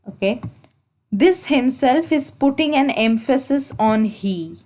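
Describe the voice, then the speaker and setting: Slow, higher-voiced woman teaching grammar. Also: a little mellow. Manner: slow, deliberate explaining with repetition and self-corrections. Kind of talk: exam-prep grammar lesson.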